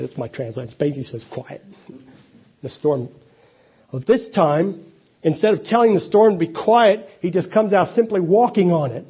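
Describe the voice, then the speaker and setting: Husky high-voiced male preacher. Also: lo-fi sound. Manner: conversational preaching with asides and restarts. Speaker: pastor. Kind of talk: sermon.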